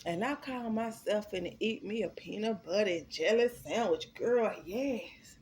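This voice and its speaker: Animated, swearing woman telling a story. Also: mid-range voice, normal speed, slight background noise. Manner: animated, profane and emphatic. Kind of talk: storytime vlog.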